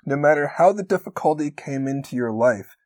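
A man's voice: a little high, lively intonation, darkish tone, dry recording. Earnest encouraging man, dry close sound. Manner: earnest, encouraging, slows down to stress key points. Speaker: podcast co-host. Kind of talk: conversational podcast talk.

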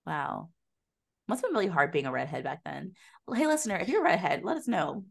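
A woman's voice: lowish voice, very animated, fairly quick, gravelly, breathy edge. A woman co-hosting a podcast, recapping a show in casual, laughing chat full of swearing and fillers. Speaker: podcast co-host.

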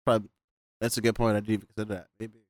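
A man's voice: fairly low pitch, level tone, racing, dry recording, clean studio sound. A man casually recapping a film on a podcast, laughing often and quoting the characters as he goes. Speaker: podcast co-host. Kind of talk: casual movie recap chat.

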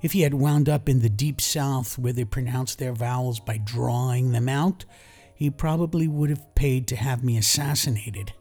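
A middle-aged man with a New York accent reads his English lesson podcast in a calm, explanatory way. His voice sounds warm and mellow, with touches of dry humor. Faint music plays behind him. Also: mid-range voice, moderate pace. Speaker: English teacher and podcast host.

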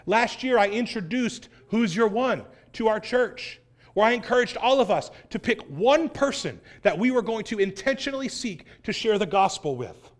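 A man with a high voice preaches a sermon to his church. He is earnest and sways between loud, pressed stresses and hushed, low phrases. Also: animated, normal speed. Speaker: pastor.

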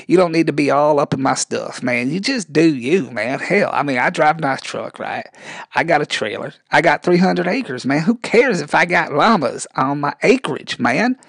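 A man's voice: on the high side, animated, normal speed, creaky, a bit bright, breathy edge, no echo, full character voice. A man playing a scrawny, touchy rural character, who rambles and drawls and keeps saying "man". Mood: defensive. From rural Arkansas. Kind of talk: comedic character interview.

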